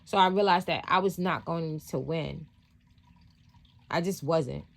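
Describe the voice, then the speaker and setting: Casual spiritual vlog host, woman, lower-pitched voice, rambling storyteller with many restarts. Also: measured pace, vocal fry.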